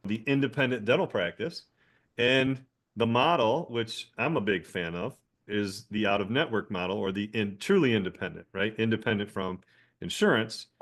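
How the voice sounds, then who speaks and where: A man hosting a casual podcast conversation, chatty and enthusiastic, often thinking out loud as he goes. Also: medium pitch. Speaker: podcast host and dentist.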